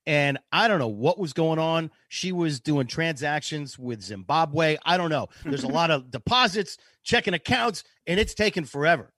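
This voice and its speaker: A man from Boston co-hosting a podcast, telling a self-mocking anecdote in an animated, comic way. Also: on the high side, moderate pace, hardly any pauses, no room sound. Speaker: podcast co-host. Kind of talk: casual comedic storytelling.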